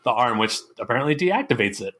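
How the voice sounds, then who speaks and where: A man with a mid-range voice co-hosts a casual movie podcast. He talks in a lively way and slips into movie quotes as he tells a scene. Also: medium pitch, fast talker, husky. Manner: lively, acts out quotes from films. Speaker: podcast co-host.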